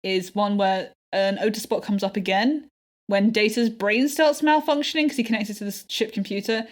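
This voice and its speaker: On a podcast, a woman co-host chats casually at a normal speed, her medium-pitched voice holding a steady tone. She's enthusiastic, laughs a lot and swears freely.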